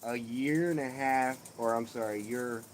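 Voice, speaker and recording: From his home porch outdoors, a middle-aged man hosts a casual live stream, swearing freely and cracking jokes as he banters with viewers. His mid-range voice has fairly even intonation and a slightly slow pace. The audio is poor, with slight background noise.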